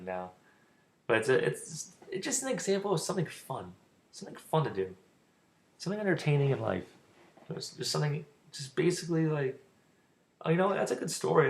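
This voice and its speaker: A young man with a lowish, creaky, fairly bright voice rambles casually through dating advice in his vlog. He stutters, and his delivery stays loose and informal throughout.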